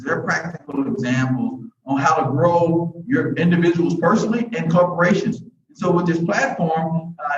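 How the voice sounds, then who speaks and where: A man's voice: on the high side, a bit bright. A man telling motivational stories as an interview guest, with a folksy, preacher-like cadence and many restarts. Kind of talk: motivational storytelling. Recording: echoey, distant, dull audio.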